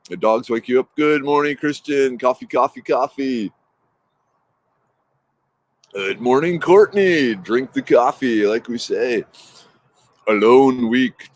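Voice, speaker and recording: A man hosting a casual morning livestream from his backyard, greeting viewers by name in an upbeat, rambling way. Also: medium pitch. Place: outdoors in a backyard. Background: traffic noise.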